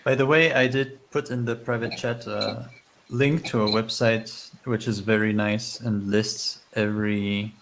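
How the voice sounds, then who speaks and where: A man in a casual chat speaking in a measured, explanatory way and sharing trivia. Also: lowish voice, steady tone, a bit bright, a little hiss or hum, poor audio.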